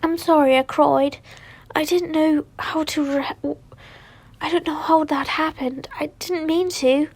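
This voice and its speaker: A woman's voice: sits high, fairly even intonation, measured pace, darkish tone, no echo. Woman reading as a shy tearful young man. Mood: remorseful.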